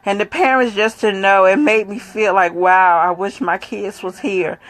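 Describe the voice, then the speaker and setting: A middle-aged woman giving a personal faith testimony, speaking softly and haltingly with many pauses and fillers. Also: medium pitch, dry recording, rough recording. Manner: soft, quiet, emotional delivery. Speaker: grieving mother sharing her faith.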